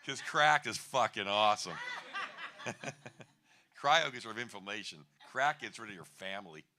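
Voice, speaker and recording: A man's voice: fairly low pitch, normal speed, noisy background. A man in his fifties doing a stand-up comedy set on a bar stage, wry and rambling, chuckling at his own jokes.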